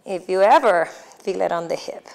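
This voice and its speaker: A woman with a Mexican Spanish accent, guiding a yoga class with calm, slow cues for breath and poses. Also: on the low side, gravelly. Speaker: yoga instructor. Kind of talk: guided yoga class instruction.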